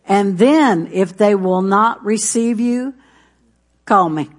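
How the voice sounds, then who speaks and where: A middle-aged woman preaches to her congregation at an unhurried pace. She talks in a loose, conversational way, with frequent asides and restarts. Her voice sits at an ordinary middle pitch for a woman. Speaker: pastor. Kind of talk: sermon.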